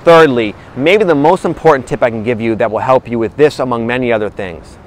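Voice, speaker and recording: A man's voice: medium pitch, fairly quick, rough recording. Chill guy doing a spiritual vlog, rambly, lots of likes and restarts, faint street noise behind. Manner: relaxed, rambling, with frequent fillers and restarts. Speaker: spiritual vlogger. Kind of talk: casual spiritual talk to camera.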